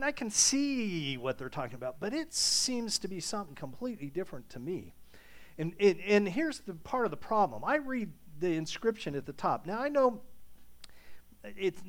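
A pastor with a high, very lively voice delivering a conversational sermon. He restarts and repeats words as he thinks aloud, and his voice swells as he reads scripture. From Irish ancestry. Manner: reads scripture with rising intensity.

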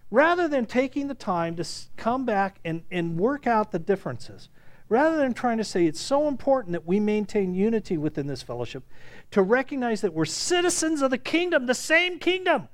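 A man's voice: high-pitched, moderate pace. A man preaching a sermon, retelling scripture with acted-out quotes and joking asides to his congregation. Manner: animated preaching, acts out quoted speech, jokes aside. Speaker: pastor.

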